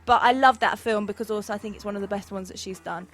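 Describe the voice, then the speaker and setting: A woman's voice: mid-range voice, quick pace, a bit bright. A woman co-hosting a casual chat, gushing enthusiastically about films. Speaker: co-host.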